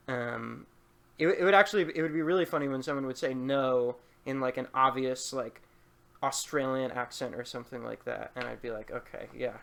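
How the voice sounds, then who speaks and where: A man's voice: medium pitch, a bit bright, smooth. A man telling a casual vlog story as a city council candidate, rambling with many fillers and an amused tone.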